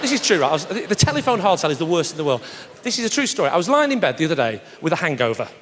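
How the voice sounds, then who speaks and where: A man doing live stand-up comedy, telling a sarcastic story in an animated way with shouted punchlines. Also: fairly high pitch, very fast. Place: large theatre stage with audience. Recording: live hall recording with reverb and crowd noise.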